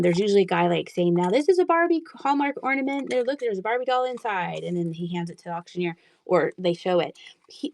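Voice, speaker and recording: A woman's voice: on the low side, creaky, dark tone. A woman selling thrift finds on a casual live stream, chatty and giggly, rambling through asides. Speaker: online thrift seller.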